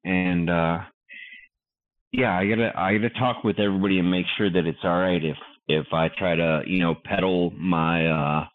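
Low-voiced man on a tinny call line. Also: steady tone. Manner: halting, full of fillers and restarts. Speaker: guest. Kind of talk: casual podcast chat.

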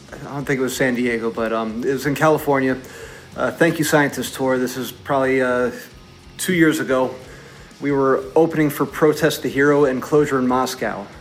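A man, a touring musician, telling a story in a relaxed, conversational way with lots of fillers. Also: medium pitch. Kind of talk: casual storytelling.

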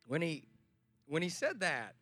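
A young man giving a sermon on a festival stage, telling stories and building to loud, emphatic preaching. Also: on the high side, big pitch swings, a little slow, dry recording, soft background music. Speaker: speaker at a Christian festival.

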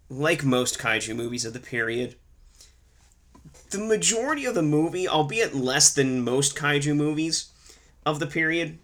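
A man's voice: mid-range voice, pushed and bright. A man co-hosting a casual movie review chat, ranting sarcastically and swearing often. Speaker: podcast co-host.

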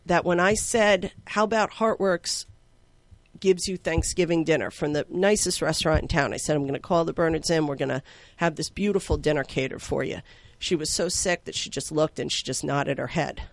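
A woman guest telling a heartfelt personal story, with many fillers, sometimes slow and soft and sometimes loud and excited. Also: sits low, no echo.

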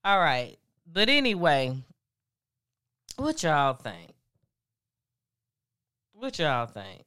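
Slow, bright-voiced gossip podcast woman. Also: sits low, wildly swooping pitch, smooth. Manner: laughs often, swears freely and talks to listeners directly. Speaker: podcast host. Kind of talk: casual gossip commentary.

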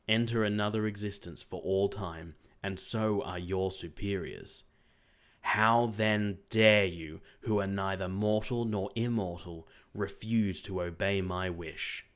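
A man voicing a grave immortal forest master. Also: deep voice. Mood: stern. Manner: calm, measured and stern.

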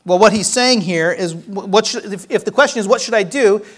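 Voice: medium pitch, fairly quick, fairly bright tone, breathy edge. A pastor preaching a sermon to a church congregation, earnest and exhorting, often checking in with the listeners. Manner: earnest, exhorting, with frequent "right?" asides. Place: church service.

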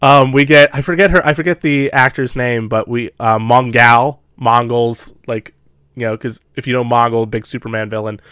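Animated man chatting about a movie. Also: medium pitch, normal speed, smooth, no room sound, studio quality. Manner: animated, laughs often, acts out quotes. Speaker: podcast co-host. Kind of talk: casual movie discussion.

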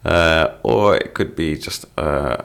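Deep gravelly guy explaining song lyrics to english learners, patient, low-key. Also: slow pace, a bit bright. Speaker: English teacher.

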